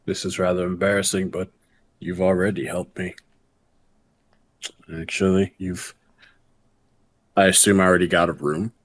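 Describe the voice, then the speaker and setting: A man's voice: low-pitched, level tone, moderate pace, long pauses. A man taking part in a tabletop role-playing game, hesitant and slightly formal as his character. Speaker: player.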